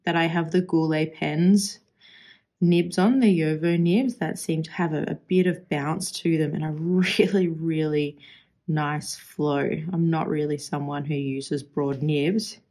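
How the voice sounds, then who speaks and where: A woman's voice: sits low, fairly even intonation, unhurried, mellow. An Australian woman chatting casually as she swatches fountain pen ink, musing aloud and trailing off into restarts as she searches for words.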